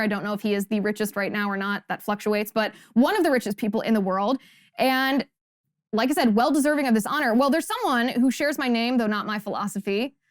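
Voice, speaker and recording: A woman's voice: a little high, no echo, clean studio sound. A woman hosting a political commentary show, delivering an emphatic, sarcastic monologue full of rhetorical questions. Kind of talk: opinionated monologue.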